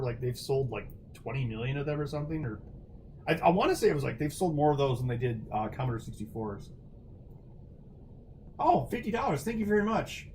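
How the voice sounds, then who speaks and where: A man's voice: a little high, a little mellow, slight background noise. A man hosting a charity livestream, answering viewer chat in a loose, rambling way with lots of fillers and restarts.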